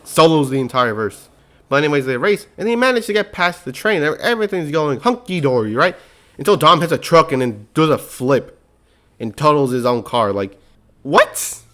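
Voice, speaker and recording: A young man casually recapping a movie in slangy, animated storytelling, acting out characters' lines as he goes. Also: on the high side, fairly quick.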